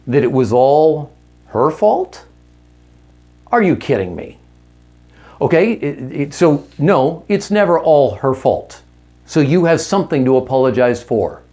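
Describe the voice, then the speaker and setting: A man teaching a marriage seminar to a live audience, earnest and coaching, who drops his voice soft and low when he acts out an apology.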